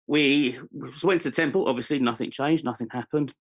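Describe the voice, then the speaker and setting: A man's voice: mid-range voice, fairly quick. A man in his forties with a British accent, a podcast guest telling his life story candidly, earnest and searching, with frequent ums and restarts. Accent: British English. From England. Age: 40s.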